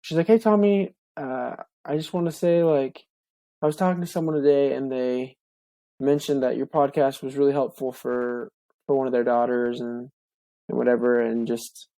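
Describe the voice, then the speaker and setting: A young man, a podcast co-host, telling a heartfelt personal story in a casual, halting way with many fillers and restarts. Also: medium pitch, little pitch movement, mellow, no room sound.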